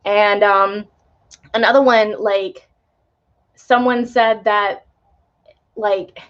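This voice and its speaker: A woman's voice: mid-range voice, steady tone, extremely slow, lo-fi sound. A young woman giving live tarot readings, talking casually with many fillers about spiritual topics. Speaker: tarot reader.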